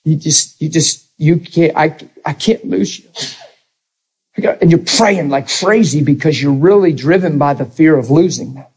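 Husky, lively man preaching a sermon. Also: fairly high pitch, measured pace, low-quality recording. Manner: conversational, animated, acts out quoted people.

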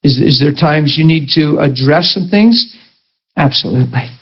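A male preacher giving a sermon, animated and playful as he tells stories. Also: on the high side, moderate pace, breathy edge, muffled recording. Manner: animated storytelling, bursts into laughter, playful.

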